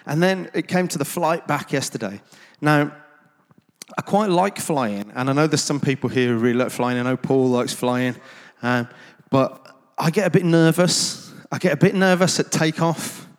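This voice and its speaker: Telling stories to an assembled crowd at a moderate pace, a man with a slightly high voice keeps things loose and chatty, dotted with ums and jokes at his own expense. A large hall's long reverb surrounds him.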